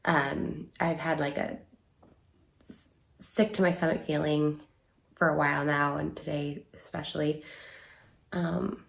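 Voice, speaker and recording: A woman giving an emotional personal statement to camera, halting with many fillers and restarts. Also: low voice, level tone, vocal fry, reverberant. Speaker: online creator giving a statement.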